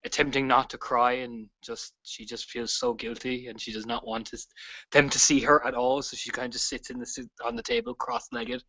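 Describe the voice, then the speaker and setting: A man describes his character's moves in a tabletop role-play game, hedging with fillers and soft laughs. His voice is bright and forceful, at an ordinary pitch. The recording sounds dull and lo-fi. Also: a little fast. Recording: dull lo-fi audio.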